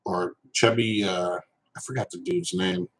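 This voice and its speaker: Man hosting a casual live stream, husky and lowish voice, loose and rambling, jokes with chat. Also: very animated, unhurried, poor audio. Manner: rambling, loose, with many fillers and restarts, joking with viewers. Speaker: reseller vlogger.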